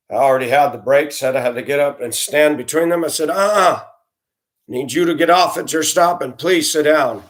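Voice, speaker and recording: A middle-aged man, a former school bus driver, telling a personal story in a conversational way and speaking straight to his listeners. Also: medium pitch. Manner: conversational, addresses listeners directly, acts out dialogue in his telling.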